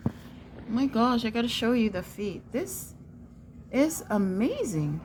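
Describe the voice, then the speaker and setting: Woman vlogger, high lively voice, slow coaxing delivery, faint ambience behind. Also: slight background noise. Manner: coos sweetly at a bird in a high voice; calls out pleadingly for her dad. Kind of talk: excited casual chat.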